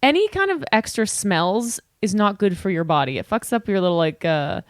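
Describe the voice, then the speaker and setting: Woman, podcast co-host, mid pitch, candid and self-mocking, handheld mic, dry sound. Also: animated, moderate pace, no echo. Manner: candid, self-deprecating, profane. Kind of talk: casual chat. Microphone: handheld microphone.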